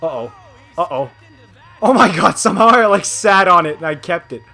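Young guy hyped up commenting his hockey game, mutters then yells, trash talk, kinda high voice. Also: normal speed. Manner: excitable, trash-talking, swings between muttering and yelling. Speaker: gaming video host. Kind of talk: live gameplay commentary.

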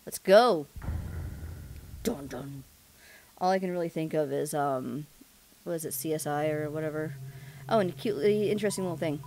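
A woman's voice: low-pitched, fairly quick, a little mellow, slight background noise, poor audio. A young woman casually commentating a game playthrough, rambling and self-deprecating. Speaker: gaming channel host.

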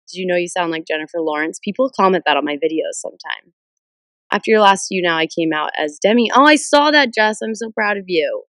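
A woman's voice: lowish voice, no echo. Bubbly stuffed-up young woman livestreaming. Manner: bubbly, excitable, jumps between viewer shoutouts. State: stuffed up with a cold. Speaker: livestream host. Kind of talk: casual livestream chat reading comments. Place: in a car. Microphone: phone camera.

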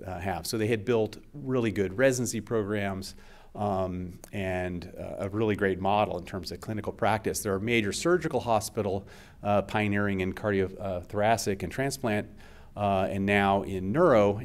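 Low-voiced man giving a relaxed seminar talk. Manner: conversational, frequent uh and um fillers. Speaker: invited scientist speaker.

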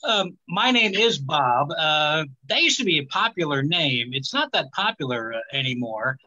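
A male stand-up comedian on a live stage, delivering his set with a halting manner and many "uh" fillers. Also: a little high, very animated, sharp tone, muffled recording. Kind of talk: stand-up routine.

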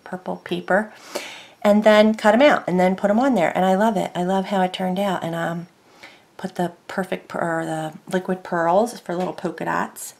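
A woman's voice: fairly low pitch, fairly even intonation, moderate pace, creaky, darkish tone. A woman casually showing and explaining her papercraft project, rambling with many fillers and self-corrections. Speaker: craft vlogger. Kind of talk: casual craft show-and-tell.

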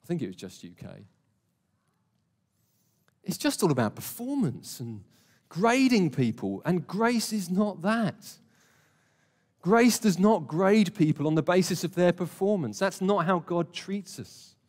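A man's voice: high voice, expressive, unhurried, darkish tone. A man preaching a conversational, emphatic sermon to a live congregation, with jokey asides. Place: warm church hall, live congregation. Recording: long hall reverb.

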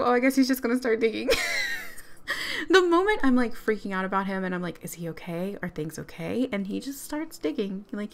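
A woman doing let's play commentary on a life-sim game, excitable and quick to exclaim and laugh. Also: on the high side. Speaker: gamer.

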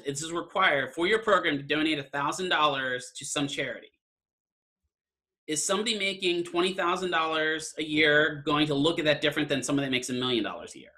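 Man, lecturer, bright forceful voice, slightly high, chatty, keeps asking right. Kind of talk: online class lecture.

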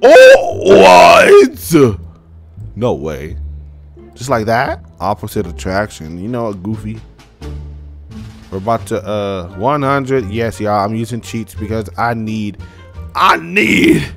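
A young man hosting a gaming channel, giving excitable, casual let's-play commentary and talking straight to his viewers. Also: fairly low pitch, a little slow, faint music behind. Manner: excitable, animated, talks to viewers as "y'all".

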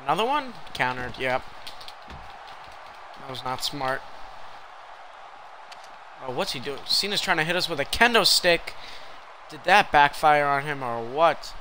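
A young man giving live commentary while he plays a wrestling video game, reacting loudly to every turn. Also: on the high side, expressive, a little slow, long pauses, background noise. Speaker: game streamer.

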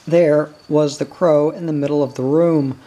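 A reader calmly reading a children's novel aloud in measured storytelling. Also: mid-range voice, poor audio. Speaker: audiobook reader.

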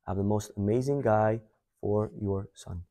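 A man voicing an eager female matchmaker with a hushed, enthusiastic tone. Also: on the low side, steady tone, moderate pace, voice pushed down, lightly acted.

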